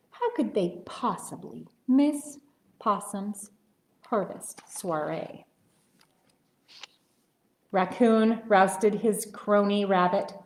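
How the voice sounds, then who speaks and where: Librarian lady reading a bedtime-ish picture book to kids, slow and gentle, cheery, bit of room echo. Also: medium pitch. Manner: cheerful and encouraging with young listeners. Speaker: children's librarian. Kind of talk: story time reading aloud to children.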